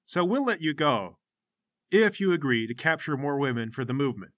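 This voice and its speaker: A man's voice: a little high, big pitch swings, moderate pace, a bit bright, no echo. A man playing Brongle, a pushy teenage gang leader. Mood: insistent. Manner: insistent, preachy, controlling.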